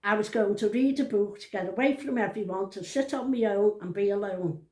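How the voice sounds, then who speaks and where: At home in a roomy-sounding space, a seventy-something woman tells a family story to camera in a chatty, meandering way, frequently interrupting herself. Her mid-range voice is a little mellow, and she talks briskly.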